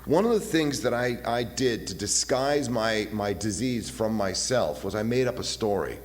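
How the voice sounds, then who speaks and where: A man in his fifties giving a halting, personal talk at a recovery meeting, often repeating his words and acting out voices as he retells. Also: fairly low pitch, lively intonation. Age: 50s. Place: meeting hall. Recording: long hall reverb, faint hiss.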